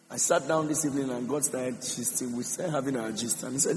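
A man's voice: mid-range voice, fairly quick, few pauses, a little mellow. A man preaching a sermon as pastor, emphatic, repeating phrases and singing some lines out. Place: church hall. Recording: reverberant hall with music behind.

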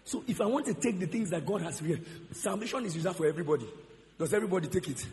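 A man's voice: high voice, expressive, very fast, a little mellow. A man preaching a sermon, quizzing the congregation and repeating key phrases. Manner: call-and-response questioning, repeats key phrases. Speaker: pastor. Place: large church hall. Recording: long church hall reverb.

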